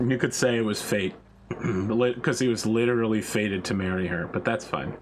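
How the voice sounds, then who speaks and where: A young man chatting casually while gaming on a stream, with animated, joking rants. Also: on the low side, normal speed, a little hiss or hum.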